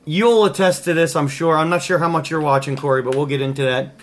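A man's voice: fairly high pitch, fairly even intonation, quick pace. A man hosting a casual podcast chat, laughing often, rambling and restarting, at times talking while eating. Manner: laughing, rambling, self-interrupting. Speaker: podcast host.

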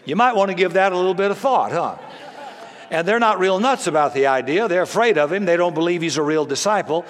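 A man's voice: high-pitched, expressive, fast talker. A male pastor delivering a sermon, telling stories with humor and emphasis. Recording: long reverb of a large hall.

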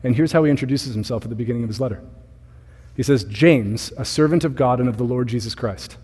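A man's voice: mid-range voice, fast talker, darkish tone, breathy edge. A man in his thirties preaching a sermon as pastor, talking with the congregation in a conversational way and often asking them questions. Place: church sanctuary. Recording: reverberant church hall.

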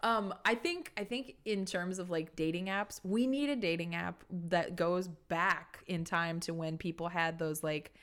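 Chatty young woman with vocal fry. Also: fairly low pitch, measured pace, hardly any pauses, fairly bright tone. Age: young adult. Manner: laughs often, chatty with many fillers. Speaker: podcast co-host. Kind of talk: casual chat.

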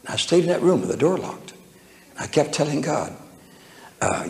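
A man's voice: fairly high pitch, big pitch swings, normal speed, vocal fry, long pauses. A man preaching a storytelling sermon, folksy and humorous, chuckling as he talks, recorded in an echoey church hall. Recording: echoey hall with faint room noise.

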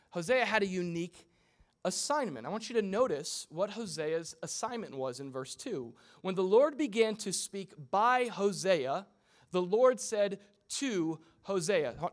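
High-voiced joking young pastor. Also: male voice. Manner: conversational and humorous, acting out quick voices. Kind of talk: sermon.

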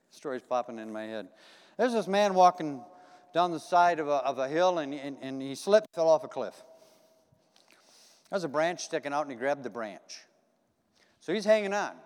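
A man preaches a folksy, repetitive, conversational sermon in a church sanctuary, putting questions to the congregation. His voice sits on the high side, smooth and expressive, moving a little slowly with long pauses. The recording carries a long hall reverb.

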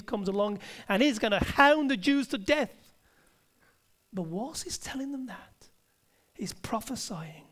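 A man preaching a sermon, emphatic and conversational, with asides to the congregation and key words dropped to a near-whisper. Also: high-pitched.

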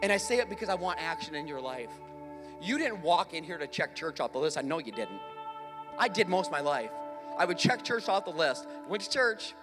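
A male pastor preaching a sermon from a church stage, swinging between loud urgent lines and hushed ones. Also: a little high, big pitch swings, fairly quick, long reverb tail, over music. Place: church sanctuary.

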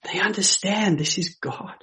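A man preaching a sermon, moving from hushed storytelling to emphatic, raised scripture quotations. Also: high-pitched, measured pace. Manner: dramatic, swings from hushed to emphatic when quoting scripture.

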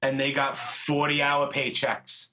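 A man's voice: mid-range voice, completely flat delivery, unhurried, sharp tone. A middle-aged man hosting a podcast, talking in a rambling, chummy, profane way. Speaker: podcast host. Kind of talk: casual interview chat.

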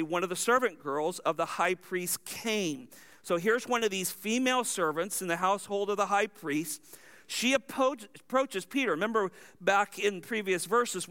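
Male preacher, high clear voice, teaching a sermon verse by verse, explanatory with asides. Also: bright, forceful tone.

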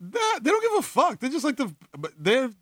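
Lively bright-voiced New York guy. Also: very high voice, brisk, no room sound, clean studio sound. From the Bronx, New York. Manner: loud, laughing, slangy banter. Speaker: podcast co-host. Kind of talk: casual comedic chat.

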